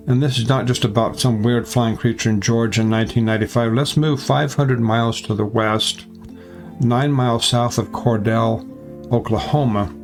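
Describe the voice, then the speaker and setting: A man's voice: medium pitch, gravelly. Man, channel host, informal narration, hesitant self-corrections, faint music behind.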